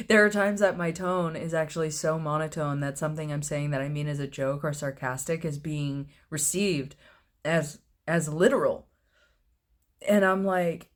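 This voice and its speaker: A man in his thirties, chatting casually to camera in a personal vlog, with a low, mellow voice, laughing often at himself. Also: fairly even intonation, unhurried. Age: 30s. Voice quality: low, mellow voice with little fluctuation. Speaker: vlogger.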